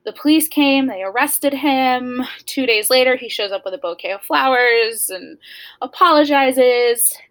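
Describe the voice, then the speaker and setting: A young woman with a slightly high voice speaks as a guest. She tells a painful personal story openly, in plain words with lots of casual fillers. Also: unhurried, fairly bright tone, rough recording. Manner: candid, frequent "like" fillers.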